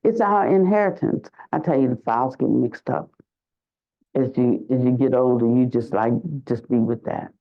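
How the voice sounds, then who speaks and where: An older woman giving a dharma talk as a Buddhist teacher, reflective and searching for words, and lively when she tells a story. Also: a bass voice, normal speed. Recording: dull lo-fi recording.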